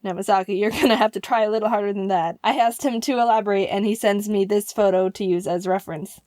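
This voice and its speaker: A woman narrating a comedic storytime for an animated video, playful and excitable, slipping into quick impressions. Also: mid-range voice, dry recording, clean studio sound. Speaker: animation channel host.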